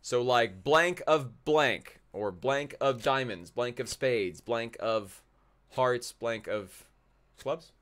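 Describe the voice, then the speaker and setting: A man's voice: mid-range voice, slow pace, a bit bright. A man hosting a live trivia game in a casual, jokey, rambling way, often repeating himself.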